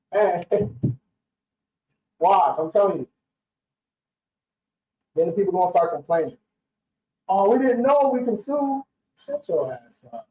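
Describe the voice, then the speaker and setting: Young guy ranting on a live stream, fired up, cussing, slangy, highish voice, kinda far off and echoey. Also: dark tone. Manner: blunt, fired-up, slangy, swears freely. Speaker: credit repair business owner hosting a live stream. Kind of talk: casual live-stream talk. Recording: roomy, distant, dull lo-fi stream audio.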